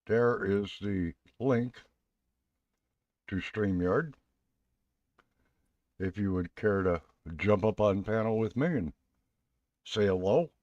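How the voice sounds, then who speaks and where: A man's voice: lowish voice, slow, pauses often, darkish tone, dry recording, lo-fi sound. A man hosting a live stream, talking in a rambling, folksy, chatty way. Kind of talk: casual live stream chat.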